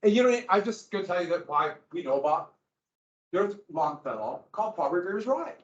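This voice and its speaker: A man teaching a history class, lecturing in an animated way with asides and acted-out quotes. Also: sits high, a little fast. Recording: roomy, dull lo-fi classroom recording.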